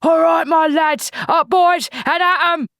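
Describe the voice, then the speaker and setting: A woman's voice: fairly high pitch, normal speed, no echo, studio quality, voice pushed up, natural voice. A woman voicing a huge, hot-tempered male army sergeant who bellows and fumes. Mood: roaring charge. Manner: bellowing, furious.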